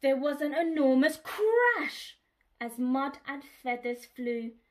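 A woman reading a children's picture book aloud, expressive and speaking to young listeners. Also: sits high, takes it slowly. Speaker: storyteller.

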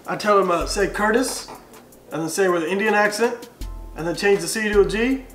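Excitable high-voiced man, roomy echo. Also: fast talker. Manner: playful, jokey, excitable. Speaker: co-host of a reaction channel. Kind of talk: casual chat. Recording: echoey room with music under.

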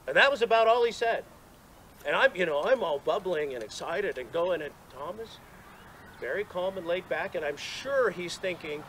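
A man's voice: high voice, animated, normal speed, a bit bright, slight background noise, low-quality recording. Chatty man telling a story outdoors. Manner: chatty, self-deprecating, frequent restarts and laughs. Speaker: speaker at monument dedication. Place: outdoors at a gathering.

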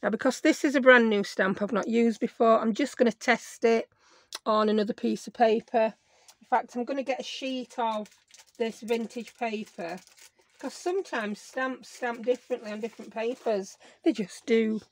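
Croaky woman crafting. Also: a little high, normal speed. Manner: chatty, thinks aloud while she works. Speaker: craft video host. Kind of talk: chatty crafting tutorial. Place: home craft desk.

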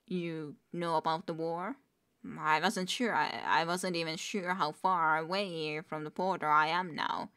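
A woman's voice: low-pitched, steady tone, a little slow, bright, forceful tone, clean tone. A woman reading the lines of a lost, polite young male clerk, hesitant and courteous.

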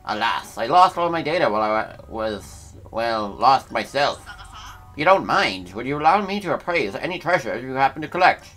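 A man's voice: medium pitch, sing-song, normal speed, fairly bright tone, soft background music, voice pushed up. A man voicing a fussy male alien treasure appraiser with a put-on accent, speaking formally and politely. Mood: courteous.

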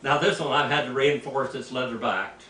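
An older man, a preacher, teaching Greek in a rambling, anecdotal way, clearing his throat now and then. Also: medium pitch, normal speed, sharp tone. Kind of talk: informal teaching sermon. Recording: echoey room, mic at a distance, faint background noise.

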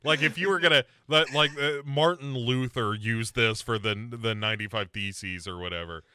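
A man's voice: medium pitch, normal speed, a little hiss or hum. A man co-hosting a podcast who recaps scenes in casual, comedic chat and acts out the characters. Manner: animated, recaps scenes with voices. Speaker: podcast co-host.

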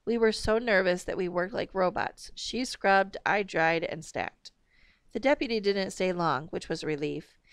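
Smooth-voiced woman reading a novel. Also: fairly low pitch, a bit bright, no echo, studio quality. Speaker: audiobook reader.

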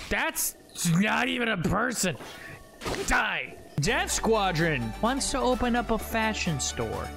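A man's voice: high voice, big pitch swings, a little slow, over music. A man streaming a video game, chatting playfully and jokingly with his viewers. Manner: playful, jokey, chats to viewers. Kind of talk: casual live-stream chat.

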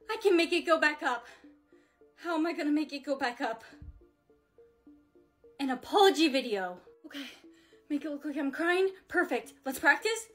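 A young woman with a high voice delivers scripted comedy lines. She sounds melodramatic and quick to defend herself. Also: expressive, soft background music. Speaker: main character in comedy skits.

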